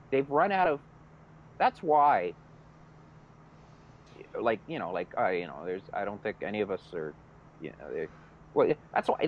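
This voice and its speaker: A man telling a story in a heated, profane casual rant. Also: mid-range voice. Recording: dull lo-fi recording, faint noise.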